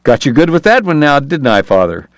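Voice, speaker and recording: A man's voice: fairly high pitch, very animated, a little fast, no room sound, pitched above the performer's own voice. A jovial stage comedian, sly and theatrical, as a male narrator puts him on. He teases his friends with showman's relish. The audiobook sound is dry and close. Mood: gleeful. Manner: teasing, theatrical. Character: jovial Irish stage comedian, teasing and showy.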